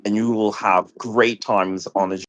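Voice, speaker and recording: A man appearing as a guest on a casual livestream, telling stories in an excitable way. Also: fairly low pitch, normal speed. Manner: excitable, animated storytelling.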